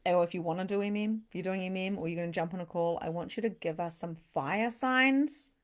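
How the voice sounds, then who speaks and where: This is a live-streamed sales pitch and chat by a woman spiritual coach who's chatty, bubbly and quick to laugh. She reads comments out loud, pitches her program, and occasionally lowers her voice to a near-whisper.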